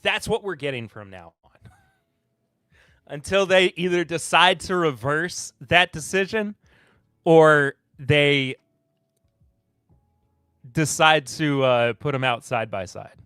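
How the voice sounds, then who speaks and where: Male streaming host, slow, rambling casual chat, dry close sound. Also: on the high side, clean tone, no echo. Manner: relaxed, rambling, with fillers and self-corrections; answers chat comments and laughs at them. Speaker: podcast host.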